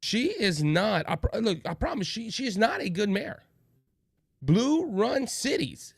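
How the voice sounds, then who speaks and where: Man, from Louisiana, podcast host, casual political talk, rambling, fairly high voice, dry sound. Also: gravelly, dry recording. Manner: rambling, repeats himself and restarts; reads comments aloud.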